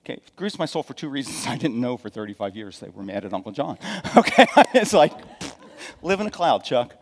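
A middle-aged man, a pastor, preaching a sermon with dramatic swings from hushed to loud and folksy asides. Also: medium pitch, sing-song, fast. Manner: folksy asides and repeated okays. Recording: long hall reverb from a church sanctuary.

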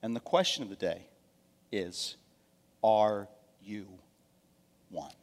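A male pastor preaching a sermon in a conversational way. He often checks in with the congregation and swings from loud emphasis down to soft, near-whispered asides. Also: lowish voice, lively intonation, slow. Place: church sanctuary. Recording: long hall reverb.

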